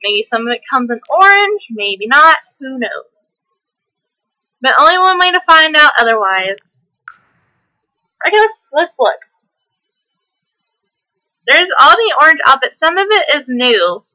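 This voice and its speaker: Woman, high-pitched, bright tone, hyper chatty gameplay talk, drifts into a country twang. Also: sing-song, a little slow, pauses often, rough recording. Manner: hyper, chatty, laughs often; slips into a country twang at times. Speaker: gameplay video host. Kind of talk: casual chat while playing.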